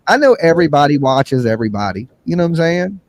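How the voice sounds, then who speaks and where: A man's voice: on the high side, fast talker. Slangy man chatting on a livestream. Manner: animated storyteller, mimics voices, slangy. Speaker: livestream host. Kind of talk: casual livestream chat. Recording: faint background noise.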